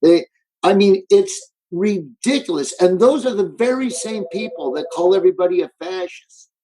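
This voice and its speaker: Man, comedian guest, emphatic rant, remote call, warm mellow voice, slightly high. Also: expressive, normal speed, poor audio. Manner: emphatic ranting. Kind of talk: casual chat.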